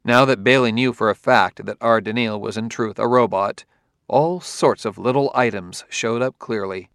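A man narrating a novel in a steady, even storytelling manner. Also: fairly low pitch, normal speed, no echo, clean studio sound. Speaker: audiobook narrator. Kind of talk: scripted narration.

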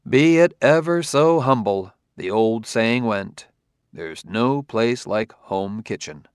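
A man's voice: mid-range voice, expressive, slow pace, clear, resonant tone, no room sound, studio quality. A man reading the part of an uneasy male detective, plain and a little wry, in an audiobook. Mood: reflective.

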